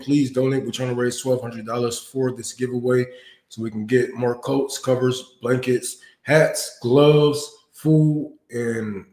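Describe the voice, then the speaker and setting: A man in his thirties hosting a casual livestream, talking loosely and with lots of profanity, sometimes mellow and sometimes heated. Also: medium pitch. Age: 30s. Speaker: livestream host. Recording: roomy echo.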